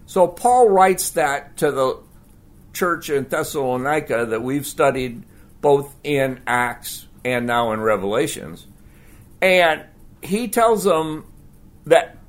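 A man preaching a sermon as pastor, conversational and animated, asking the congregation rhetorical questions. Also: a little high.

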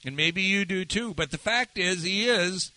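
A man's voice: unhurried, pushed and bright, no echo, low-quality recording. A man preaching a sermon in a conversational way, often asking his listeners questions. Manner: conversational, asks listeners questions, swings pitch for emphasis. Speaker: pastor.

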